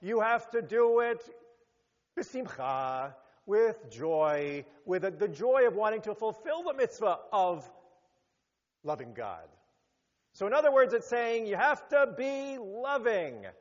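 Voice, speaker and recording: A rabbi giving a sermon, animated, rising to emphatic peaks and then dropping low. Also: male voice, slow. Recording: muffled sound with long hall reverb.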